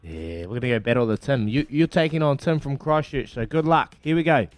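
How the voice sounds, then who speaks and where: A man with a New Zealand accent hosting a breakfast radio quiz, brisk and matey as he reads questions and counts down. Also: mid-range voice, animated, no echo. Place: radio studio. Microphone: studio microphone.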